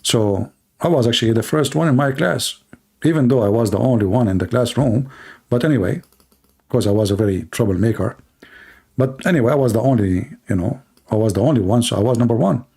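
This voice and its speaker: Male livestream host, gravelly, mid-pitched, sarcastic and mocking, broken English. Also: fairly quick, dark tone. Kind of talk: satirical monologue. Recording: livestream talk to viewers.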